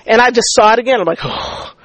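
A middle-aged woman teaches a faith group through a personal testimony. Her voice sits high. She tells the story in an animated way, stammering when she gets excited and acting out each exchange. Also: very fast, no echo, rough recording.

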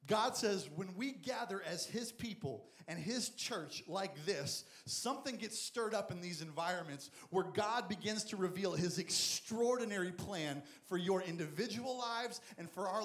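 A man preaching a lively, jokey sermon as a youth pastor, acting out Bible stories. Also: high voice, moderate pace, few pauses, reverberant. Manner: energetic, jokey, acts out Bible figures.

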